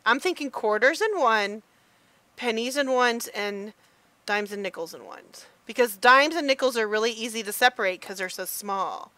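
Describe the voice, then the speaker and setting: A middle-aged mom chatting excitedly through a let's play, gasping and squealing as she goes. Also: on the high side, moderate pace, no echo. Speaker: gamer mom playing a game.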